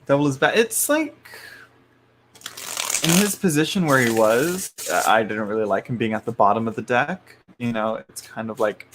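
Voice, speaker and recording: A man's voice: mid-range voice, lively intonation, normal speed, fairly bright tone, slight background noise. Rambling man giving casual tarot readings. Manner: rambling, many fillers and restarts, chuckles often. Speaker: tarot reader hosting a live stream.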